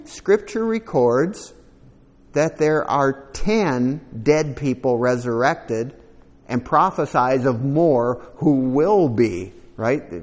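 A man's voice: mid-range voice, darkish tone, in a large hall. A man preaching a sermon, reading scripture aloud with rising emphasis and adding conversational asides to the congregation. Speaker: pastor.

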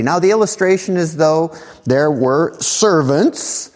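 A man's voice: on the high side, expressive, a little slow, a little mellow, big-room sound. A man preaching an expository Bible teaching, conversational, with asides and rhetorical questions. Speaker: pastor.

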